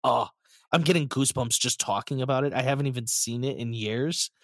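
A man's voice: mid-range voice, a little fast, a bit bright, dry recording. A man in casual podcast chat, talking in an enthusiastic, effusive way.

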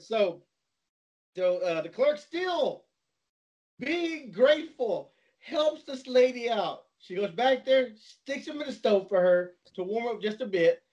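A man's voice: high voice, a little mellow. A man telling a long story in casual chat, rambling, with frequent restarts and repeated words. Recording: dull lo-fi recording.

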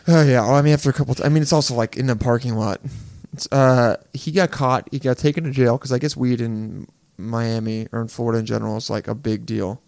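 A man in casual podcast chat, laid-back, cursing freely and reacting fast. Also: medium pitch, fairly even intonation, gravelly, a little mellow, dry recording.

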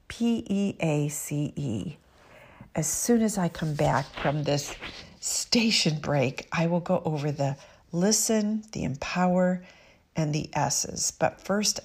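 A woman hosting a radio talk show, calmly coaching listeners on how to talk with loved ones. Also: sits low, breathy edge, no room sound. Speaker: radio show host and family communication coach.

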